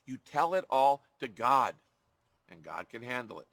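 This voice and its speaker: A man's voice: mid-range voice, big pitch swings, measured pace, a bit bright, no room sound. A man preaching a sermon, earnest and emphatic, repeating phrases for stress and acting out heartfelt prayers. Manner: acts out prayers in a pleading voice.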